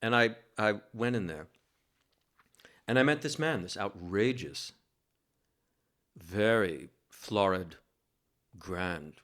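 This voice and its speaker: A man from New York City, a guest telling a lively, self-mocking story in a casual interview and laughing as he goes. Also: on the low side, slow pace, pauses often.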